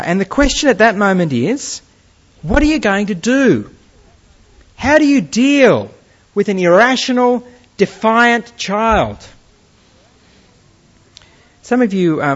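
Lively preacher, a man. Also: sits high. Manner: lively storytelling with gentle humour. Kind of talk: sermon. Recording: dull lo-fi recording.

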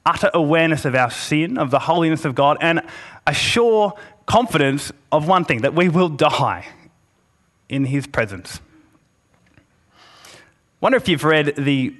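A man preaching a sermon, earnest, slowing down to press each point and reading passages aloud. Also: a little high, a bit bright. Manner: earnest, slows for emphasis and reads scripture aloud.

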